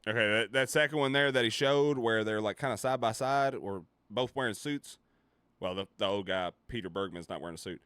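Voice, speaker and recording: A man reacts on stream in loose, casual commentary. He thinks aloud, stumbling through fillers and restarts in a bright, forceful voice. His voice is fairly low and recorded dry and close. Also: fairly quick, smooth, no room sound.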